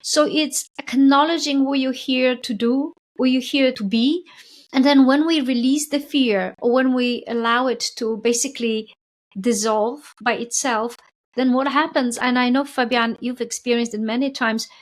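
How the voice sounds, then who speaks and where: Woman, middle-aged, high-pitched, podcast guest, coach, animated storyteller, keeps asking "right?". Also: normal speed. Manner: animated storytelling, often adds a questioning "right?". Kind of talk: podcast conversation.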